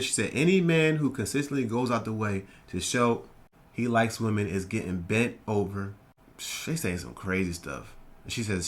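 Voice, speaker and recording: Low-voiced man reacting casually. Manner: conversational, repeats words when thinking aloud. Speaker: commentary host.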